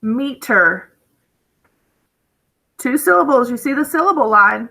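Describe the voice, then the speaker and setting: A woman's voice: fairly high pitch, lively intonation, slow, vocal fry, sharp tone, low-quality recording. A woman, teaching a recorded phonics lesson in a chatty, encouraging way and often checking in with "okay?".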